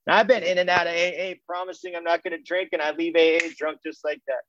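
This man's voice sits on the high side, level and fairly bright, over slight background noise. He's a middle-aged Californian telling a recovery group his story frankly, looping back on phrases and starting over. The sound is dull, muffled and dry.

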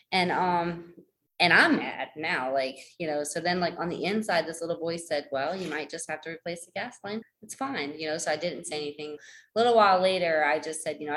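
A woman's voice: a bit bright, rough recording. A woman in her forties telling a personal story in a rambling, self-deprecating way, full of fillers and restarts, acting out what others said. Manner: acts out quoted voices with big pitch jumps. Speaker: speaker sharing a personal story.

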